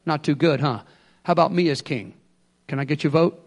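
A man's voice: on the high side, brisk, darkish tone, voice pushed down. A man voicing God as a wry king who teases people about their failed rule. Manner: teasing, dry.

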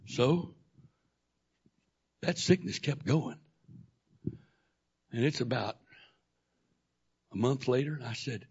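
A male pastor telling a personal testimony in a sermon, animated, acting out the dialogue as he goes. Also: medium pitch, slow, pauses often. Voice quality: gravelly, husky. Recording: dull lo-fi recording.

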